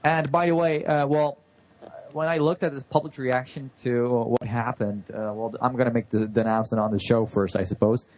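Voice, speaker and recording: A man talking in a loose, rambling way as one of a show's hosts. He trips over words and restarts his sentences, and his voice sits at an ordinary middle pitch. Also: steady tone, normal speed, a little mellow, low-quality recording. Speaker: podcast co-host. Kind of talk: casual chat about role-play politics.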